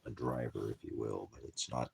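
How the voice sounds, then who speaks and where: A man's voice: very deep voice, fairly even intonation, moderate pace, gravelly, a little mellow, slight background noise. A man chatting casually in the desert for an outdoor cooking vlog, talking with his mouth full between bites. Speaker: vlogger.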